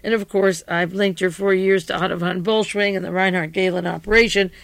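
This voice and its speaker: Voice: medium pitch, fairly even intonation, brisk, vocal fry, a bit bright, no room sound. A radio commentator with a tired voice, giving a rambling, digressive taped monologue that often stops to correct itself.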